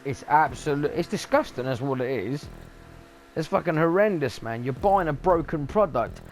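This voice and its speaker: Guy ranting on a gaming vlog, sweary and angry, slightly high voice, faint noise behind. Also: lively intonation, moderate pace. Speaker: gaming vlogger.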